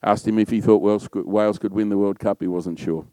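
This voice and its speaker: A middle-aged man with an Australian accent, a pastor preaching a sermon in a loud, warm storytelling manner. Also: fairly low pitch, fairly even intonation, fast, no room sound.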